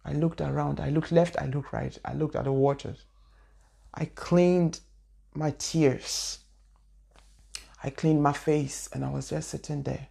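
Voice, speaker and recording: A woman's voice: low-pitched, steady tone, measured pace, vocal fry, pauses often, warm tone. A woman spiritual teacher telling her own story in an earnest, repetitive way. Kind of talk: personal testimony talk.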